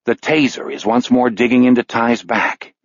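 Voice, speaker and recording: A man reads a grim audiobook at a measured pace, dwelling slowly on the darkest words. The recording is dry and slightly dull. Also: medium pitch, little pitch movement, dry recording. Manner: measured, slows on grim details. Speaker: narrator. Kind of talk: audiobook narration.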